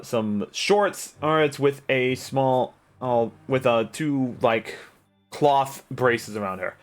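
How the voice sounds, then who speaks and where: A man narrating a tabletop game as game master, halting, with many fillers and restarts. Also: medium pitch, a bit bright, clear, resonant tone.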